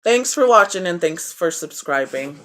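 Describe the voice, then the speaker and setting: A young adult woman telling a movie review story in a casual vlog, profane and animated. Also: on the low side, moderate pace, a little hiss or hum.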